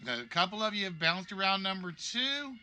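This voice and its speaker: A man's voice: high-pitched, animated, moderate pace, pushed and bright, soft background music. A man hosting a live-streamed game show, chatty and joking as he reads out players' guesses.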